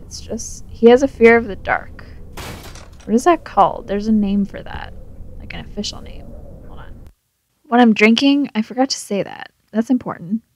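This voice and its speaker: Speaking at a moderate pace in a slightly high voice, this gamer is a young woman who's had a few drinks. She swears and banters with the game's character during her relaxed let's play.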